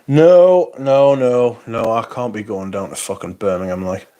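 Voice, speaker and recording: Reading viewer comments on a laid-back livestream, a male host from North East England talks in a mid-range, warm, unhurried voice. He seems tired, wanders off on tangents, mocks himself, and keeps yawning and interjecting.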